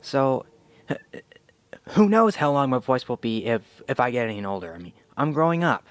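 Teen boy vlogger, mid-pitched, rambly, unsure of himself. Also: sing-song, moderate pace, clean tone, no room sound. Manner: rambling, many fillers and self-corrections; unsure and self-critical. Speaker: channel owner. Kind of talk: casual vlog update.

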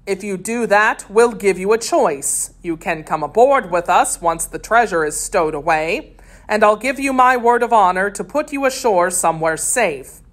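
A woman's voice: medium pitch, animated, moderate pace, close to an everyday voice. A woman reading aloud voices a scheming, blustering one-legged pirate captain who coaxes and threatens. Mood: bargaining.

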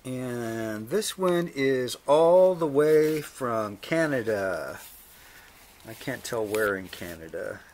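A man's voice: medium pitch, animated, slow, a little mellow, a little hiss or hum. A male vlog host casually reading viewer mail, with a laid-back manner and dry humor, playing along with joke letters. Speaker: motorcycle channel host.

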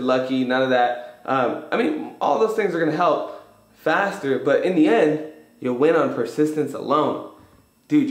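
A man hosting a casual motivational talk, emphatic and full of slang and swearing. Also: a little high. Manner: profane, emphatic, street slang. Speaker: host. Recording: echoey room.

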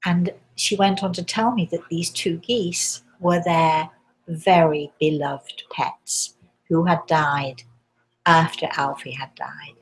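A woman's voice: sits low, steady tone, slow pace. A woman hosting a live talk, telling stories and answering viewers' questions in a conversational way, with frequent hesitations and restarts. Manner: hesitant, with many restarts and fillers. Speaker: host and spirit medium.

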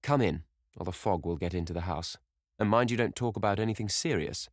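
A man voicing a vain, bored young gentleman who speaks in a languid, petulant way, lifting his voice above his own low register. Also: brisk, no echo, clean studio sound.

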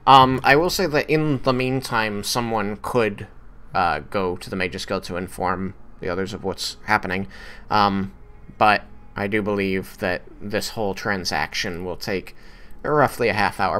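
A man narrating a tabletop game as game master, halting, with many restarts and fillers. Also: lowish voice, steady tone, a bit bright.

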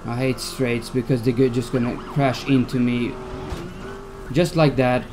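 A man's voice: medium pitch, flat delivery, a little slow, noisy background. A young man giving gameplay commentary as a YouTuber, stressed and swearing as he talks to himself. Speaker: gaming YouTuber. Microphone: desk mic at a PC.

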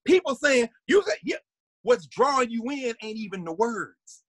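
A man giving an animated, conversational lecture as a guest. He often restarts his sentences and hums or sings short snippets to make his points. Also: extremely high pitch, normal speed, husky, no echo.

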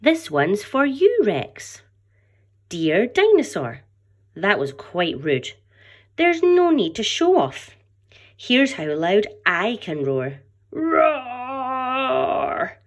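A woman reading aloud as an excited, cheeky six-year-old boy who writes letters to a dinosaur. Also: on the high side, very slow, pitched above the performer's own voice, heavily acted. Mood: eager. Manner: bright and eager, reading a child's letter aloud.

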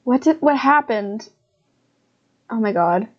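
A woman's voice: on the high side, animated, takes it slowly, highs cut off, a little hiss or hum. A woman streaming a horror game, swearing and laughing at her own scares as she comments. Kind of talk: live gameplay commentary.

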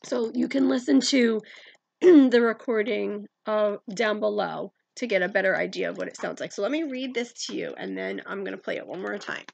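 A woman giving a gentle, encouraging music lesson to children, asking her young listeners questions as she explains. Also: medium pitch, moderate pace, vocal fry, breathy edge. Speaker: music teacher.

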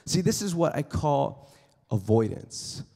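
Lively man preaching in an echoing chapel. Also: a little high, takes it slowly, gravelly. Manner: conversational, acts out everyday scenes in quoted voices. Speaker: chapel speaker. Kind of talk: school chapel sermon to students. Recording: long hall reverb in a chapel.

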